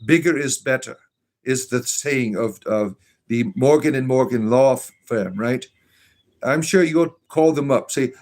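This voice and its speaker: A man's voice: medium pitch, normal speed, darkish tone, soft background music. A man with a Southern US accent hosting a livestream, reading chat comments aloud in a rambling, hesitant way full of uh's and restarts, sarcastic and defiant in his answers.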